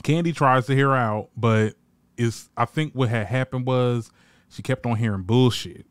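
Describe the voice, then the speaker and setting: A reality TV reviewer recaps an episode in casual commentary, sassy, blunt, and swearing freely. He animatedly acts out the cast's lines in a medium-pitched, clean voice at a measured pace, with no echo.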